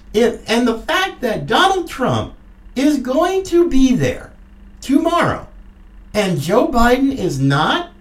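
Female podcast host with a mocking, angry political rant, a very lively swinging pitch and an unhurried delivery. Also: far from the mic. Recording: echoey room.

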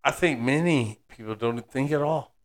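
A man's voice: medium pitch, normal speed. A man co-hosting a casual chat, musing philosophically and laughing easily. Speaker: podcast co-host. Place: Texas.

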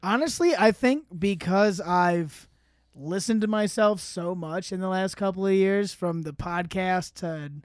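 High-voiced joking man, podcast host. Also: clean tone, dry recording, clean studio sound. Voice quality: high voice often taken for a woman's on the phone. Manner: laughs often, quick and joking. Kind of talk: casual chat.

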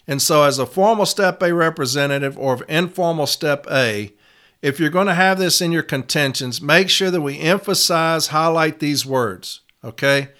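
A man's voice: fairly high pitch, moderate pace, a bit bright. A man giving an instructional talk as a union advocate, stressing single words and repeating them.

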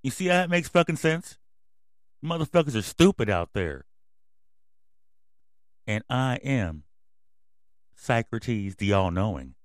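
Male podcast host, dry close recording, mid-pitched, angry swearing rant. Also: sing-song, a little slow, pauses often, dry recording. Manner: angry, yelling, swearing constantly. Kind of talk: profane ranting commentary.

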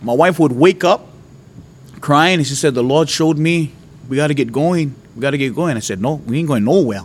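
A man from Hawaii, a preacher giving his testimony, who tells his story with lively jumps in voice and frequent laughter. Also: normal speed, a little hiss or hum. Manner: animated storytelling, voice jumps high and loud when retelling his outbursts; laughs often. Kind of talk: testimony to an audience.

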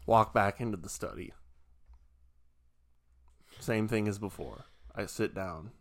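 A young man, a podcast co-host, telling a long story in a hushed, drawn-out way and swearing freely. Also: on the low side. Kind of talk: casual storytelling.

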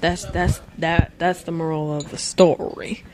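A woman's voice: low-pitched, level tone, a little slow, darkish tone, a little hiss or hum. A woman co-hosting a casual podcast chat, talking in an emphatic, lecturing way as she hands out advice. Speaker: podcast co-host.

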